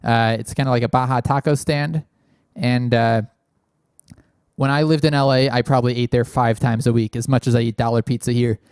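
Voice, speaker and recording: Brisk and steady, a man's medium-pitched voice comes through clean and a little mellow on a dry recording. He's a podcast host meandering through a casual call-in show, full of filler words, speaking right up on a large studio mic in a small studio.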